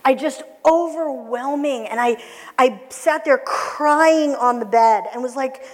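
A middle-aged woman telling a personal story to a church audience, animated, acting out the voices she quotes and laughing often. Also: high voice, slow pace. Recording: long reverb of a hall.

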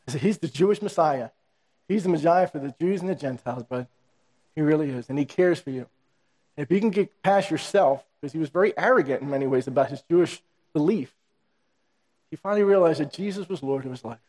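Man, preacher, high-pitched, animated storytelling sermon, reverberant church hall. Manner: animated storytelling, acting out dialogue in a raised voice. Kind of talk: sermon with personal testimony. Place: church sanctuary.

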